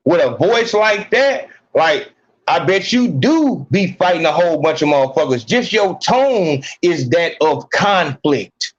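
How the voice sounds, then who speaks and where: A man's voice: on the high side, big pitch swings, measured pace, highs cut off. A man hosting a podcast, ranting bluntly with heavy slang and swearing. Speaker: podcast host. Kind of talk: profane ranting commentary.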